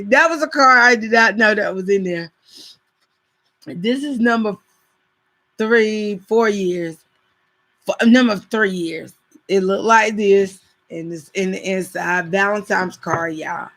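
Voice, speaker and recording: Slow, bright-voiced woman chatting live. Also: medium pitch, rough recording. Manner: chatty, addresses viewers directly. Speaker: live-stream host. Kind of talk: casual live-stream chat, reading cards aloud.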